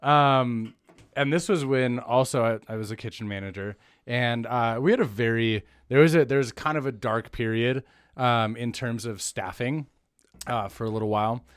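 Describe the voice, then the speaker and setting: A man co-hosting a podcast, chatting casually in a relaxed, easygoing way. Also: medium pitch, moderate pace, smooth, dry recording. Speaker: podcast co-host. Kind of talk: casual chat.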